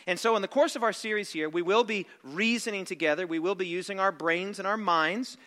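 A man's voice: high voice, brisk, hardly any pauses, bright, forceful tone. A middle-aged man preaching a sermon, reasoning step by step in an analytical way with asides. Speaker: pastor. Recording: long reverb of a large hall.

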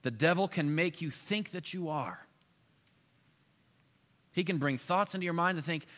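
A male preacher telling a story with animated swings between loud bursts and hushed asides. His voice is bright and forceful at a middle pitch. It carries with a long reverb through a church hall. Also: normal speed, pauses often. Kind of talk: storytelling sermon. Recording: echoey hall.

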